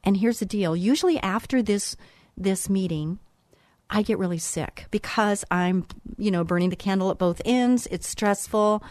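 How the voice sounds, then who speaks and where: A woman's voice: mid-range voice, moderate pace, darkish tone, dry recording. Earnest middle-aged woman host. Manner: earnest, emphatic, repeats phrases for effect. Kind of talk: motivational monologue.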